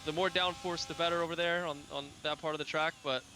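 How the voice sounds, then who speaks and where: A man's voice: on the high side, fairly even intonation, fast talker, noisy background. A man who is also a driver, giving live commentary on a racing game and stumbling over his words as he restarts phrases. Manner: hesitant, many restarts and fillers.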